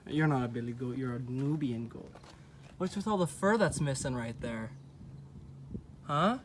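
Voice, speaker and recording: A man's voice: medium pitch, moderate pace, pauses often, background noise. A man vlogging at a ranch, chatting and cooing to goats, recorded on a phone outdoors. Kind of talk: casual vlog. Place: outdoors at a ranch by a goat pen.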